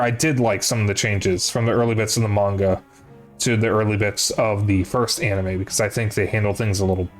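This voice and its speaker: A young man streaming, chatting casually to his viewers, rambling and correcting himself as he goes, with the odd curse. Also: fairly low pitch. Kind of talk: casual chat to a live chat. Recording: faint music behind voice.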